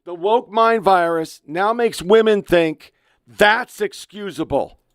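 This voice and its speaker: Gen X male podcast host, 50s, fairly high voice, swears freely, emotional, dry studio sound. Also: slow pace, dry recording. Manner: blunt, profane, heated ranting. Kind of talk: podcast commentary on online clips.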